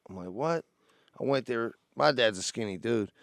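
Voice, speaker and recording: A man co-hosting a casual podcast, telling an animated, profane story with quoted voices. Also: mid-range voice, moderate pace, vocal fry, no echo, clean studio sound. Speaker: podcast co-host. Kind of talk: casual chat.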